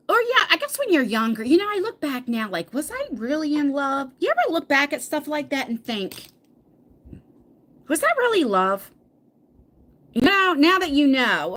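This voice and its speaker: Middle-aged woman host, casual chatty read, fairly high and lively, laughs and stumbles now and then. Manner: chatty, laughs often, trips over words. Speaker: livestream host reading viewer comments. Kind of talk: casual chat.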